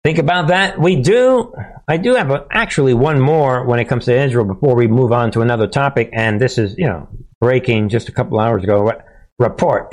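A man hosting his own commentary channel, talking straight to his audience in a loose monologue. His voice sits in a middle pitch, and his delivery is emphatic, full of punchy asides and repeated catchphrases. He restarts his sentences often as he goes. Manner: talks straight to viewers with frequent restarts. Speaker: host of a political commentary channel.

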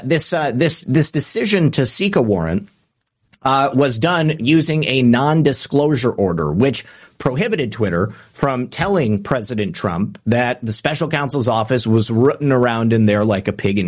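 Guy doing political commentary, mid pitch voice, sarcastic, lots of uhs as he reads out news and quotes. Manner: sarcastic, reads quotes aloud with frequent fillers. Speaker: political commentary podcast host.

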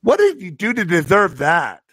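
Sarcastic male streamer reading news, high voice, dry close sound. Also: wildly swooping pitch, normal speed, fairly bright tone, slightly rough, dry recording. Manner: sarcastic, stumbles over words while reading. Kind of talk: casual news commentary.

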